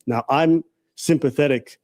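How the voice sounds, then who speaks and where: A man's voice: on the high side, a little slow, darkish tone, no room sound. A man telling a personal story with an earnest, strained delivery. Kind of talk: personal account.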